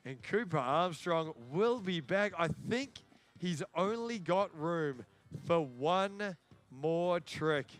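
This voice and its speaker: A man calls a live sporting event with an excitable, crowd-rousing energy. His voice sits high, and his delivery is drawn out and unhurried. Faint music plays in the background. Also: clean tone.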